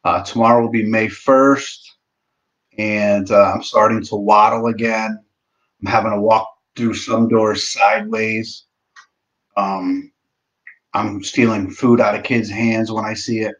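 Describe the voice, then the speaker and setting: A man's voice: fairly low pitch, level tone, measured pace, fairly bright tone, lo-fi sound. A young man hosting a casual live stream, joking and swearing a lot while eating. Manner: joking, profane, self-mocking. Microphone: laptop mic.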